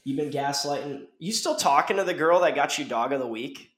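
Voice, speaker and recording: A man's voice: fairly high pitch, expressive, brisk, a bit bright. A young man hosting a podcast in casual chat, rambling and laid-back, saying "like" and "dude" constantly. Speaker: podcast host. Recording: roomy echo.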